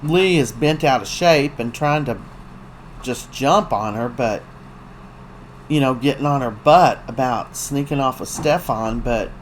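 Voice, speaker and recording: A talkative host recaps a soap opera's week in loose, gossipy chat, full of ums and uhs and quick acted-out lines from the characters. The voice sits at a middling pitch. A faint hum runs underneath. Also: rough recording. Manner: chatty, gossipy storytelling with many fillers.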